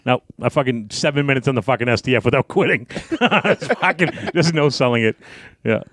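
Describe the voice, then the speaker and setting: A man, a wrestling guest, telling a story in casual talk, cursing freely and acting out his shouting. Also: medium pitch, fairly quick, no echo, clean studio sound. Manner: profane, animated, acts out yelling.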